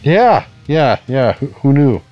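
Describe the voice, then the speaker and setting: A man's voice: mid-range voice, very animated, slow pace, dry recording. A man co-hosting a casual podcast who swears a lot and jokes sarcastically. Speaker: podcast co-host. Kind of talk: casual chat with a soundboard. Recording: dull lo-fi sound with faint music.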